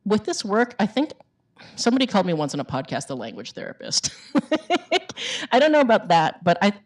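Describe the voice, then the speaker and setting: A woman's voice: medium pitch, sing-song, normal speed. A middle-aged woman, an author, giving a chatty talk to a bookstore audience, with many fillers and emphatic repetition. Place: bookstore event space.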